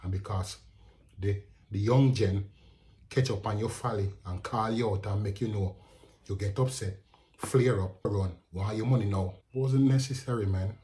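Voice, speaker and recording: A man's voice: lowish voice, moderate pace. A man with a Jamaican accent telling a story in a casual, indignant tone that slips into patois. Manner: animated, indignant retelling, slipping into patois. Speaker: vlogger.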